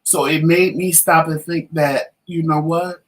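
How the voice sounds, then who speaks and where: A man's voice: on the high side, unhurried, low-quality recording. A man co-hosting a casual talk show, telling a story and acting out the voices of the people in it. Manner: animated storyteller, acts out quotes.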